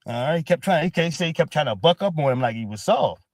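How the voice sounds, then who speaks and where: Guy on his live stream, high voice bouncing all over, keeps saying "all right?", dry close sound. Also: fast talker, dry recording. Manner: repeats "all right?" constantly, animated storytelling, acts out quotes. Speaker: host. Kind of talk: casual live-stream commentary.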